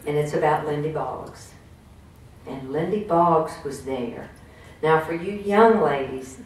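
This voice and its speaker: A woman giving a folksy motivational talk to a room, often putting questions to the audience. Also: deep voice. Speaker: speaker at a women's business network. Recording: echoey room, distant mic, faint noise.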